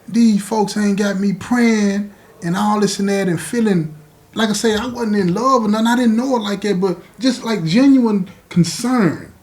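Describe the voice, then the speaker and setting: A man casually telling a personal story to his listeners, animated and full of asides. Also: sits high. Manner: animated, talks straight to listeners with frequent asides.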